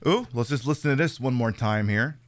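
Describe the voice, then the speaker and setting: A man's voice: medium pitch, a little fast, a crowd in the background, noisy background. A man hosting a live stream, chatting casually and profanely about a game and his merch. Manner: profane, animated, rambling. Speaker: streamer host.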